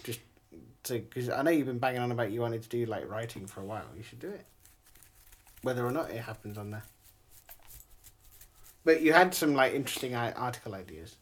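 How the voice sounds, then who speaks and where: A man's voice: medium pitch, a little fast, long pauses. A man in casual chat, teasing and echoing back what his co-host says. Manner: teasing, echoes the other speaker's words.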